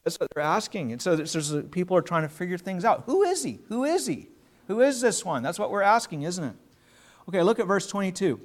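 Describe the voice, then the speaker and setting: A man with a high voice delivers a sermon. He reads scripture aloud, then explains it in a relaxed, conversational way. He talks like a preacher teaching his congregation. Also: fast. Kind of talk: sermon with Bible reading.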